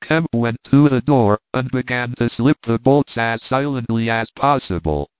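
A man narrating a classic novel aloud in a steady, measured way. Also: mid-range voice, clear, resonant tone, dry recording. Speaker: audiobook narrator. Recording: tinny phone-like line, dry.

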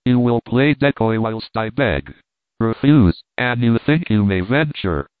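A man's voice: medium pitch, animated, a little slow, no room sound, close to an everyday voice. A man reading the part of a scheming, mocking young vagabond thief. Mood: bossy. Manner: bullying, scoffing. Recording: dry, phone-like narrow sound.

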